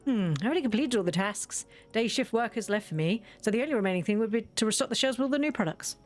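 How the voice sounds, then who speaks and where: A woman's voice: a little high, animated, fast talker. A woman streaming a cozy game, chatting and giggling with playful drama while she plays. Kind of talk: live gameplay commentary.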